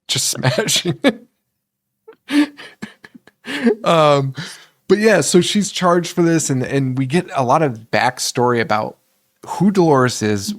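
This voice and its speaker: A man co-hosting a casual horror movie podcast, animated, laughing often and swearing freely. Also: medium pitch. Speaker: podcast co-host.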